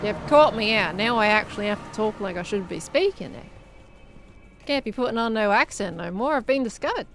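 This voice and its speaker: A woman's voice: mid-range voice, animated, brisk, a bit bright, slight background noise. A woman with an Australian accent, chatting casually on a live stream as she builds and answers viewers. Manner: chatty, reads out chat messages and reacts to viewers.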